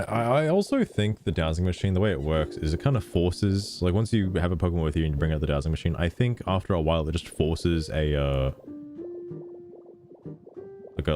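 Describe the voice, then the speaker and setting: A young man giving casual gameplay commentary as a streamer, chatty and swearing freely with quick exclamations. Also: extremely low pitch. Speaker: vtuber streamer.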